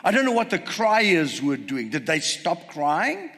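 Animated male preacher in a reverberant hall. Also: on the high side, a little slow. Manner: animated storytelling, rhetorical questions to the congregation. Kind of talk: sermon.

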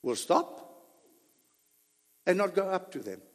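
A man voicing a fearless young male warrior, loud and emphatic with a raised voice. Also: sits high, sing-song, slow, in a large hall, heavily acted. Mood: bold, loud.

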